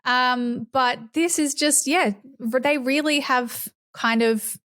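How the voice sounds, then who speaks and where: An Australian woman co-hosting a casual political podcast, sarcastic and quick to swear. Her voice sits a little high, and she tells stories with lively energy. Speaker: podcast co-host.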